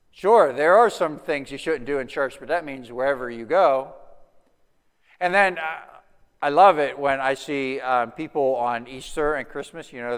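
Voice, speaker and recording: A man's voice: mid-range voice, smooth, big-room sound. A man preaching a sermon as pastor, talking in a loose, conversational way with frequent restarts. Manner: conversational, animated storytelling with restarts.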